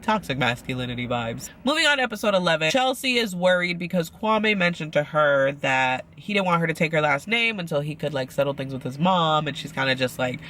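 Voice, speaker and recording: A man's voice: fairly high pitch, lively intonation, fairly quick, hardly any pauses, bright, forceful tone, slight background noise. A man chatting casually as he recaps a reality show, rambling with lots of "like" and acting out quotes. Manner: chatty and rambling, heavy use of "like", acts out quotes.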